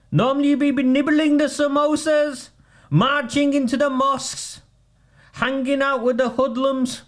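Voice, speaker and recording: Brief: man doing a high, mocking caricature voice that drawls its jeers. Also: fairly bright tone, heavily acted. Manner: mocking, sing-song, drawn-out taunts. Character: shrill taunting man in a put-on accent.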